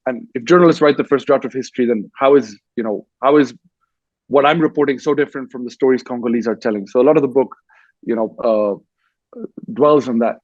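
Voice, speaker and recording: A man's voice: mid-range voice, darkish tone, dry recording, highs cut off. A man who grew up in Dubai, an author and war correspondent, telling his story on a festival panel with frequent restarts. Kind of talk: panel discussion.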